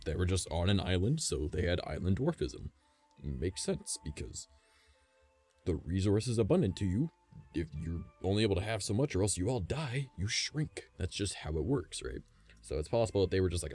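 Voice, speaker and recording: A man's voice: sits low, darkish tone, slightly rough. A man streaming live from home, chatting loosely with his chat, rambling through wild theories and swearing freely. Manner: rambling, swears a lot, speculative. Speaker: livestreamer.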